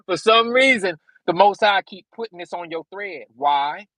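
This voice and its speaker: High-voiced man preaching emphatically. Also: expressive, fairly bright tone, no room sound, low-quality recording. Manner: emphatic, drawn-out reading with sudden rises. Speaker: preacher hosting a Bible study live stream. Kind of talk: sermon with scripture reading.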